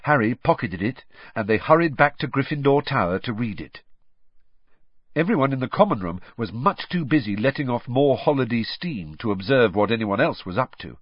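A man reading a novel aloud as an audiobook narrator in an expressive storytelling manner. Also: mid-range voice, moderate pace, no echo. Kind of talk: scripted narration. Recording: dry, slightly muffled.

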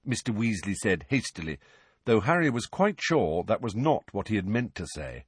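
A man narrating an audiobook with expressive storytelling. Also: fairly low pitch, normal speed, breathy edge, dry recording.

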